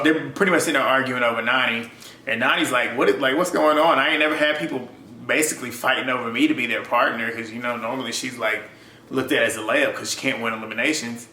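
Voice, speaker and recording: Animated young man recapping reality TV. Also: medium pitch. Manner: animated, laughs often, swears freely. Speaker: YouTube reality TV reviewer. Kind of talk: casual recap commentary. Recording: echoey room with faint background hum.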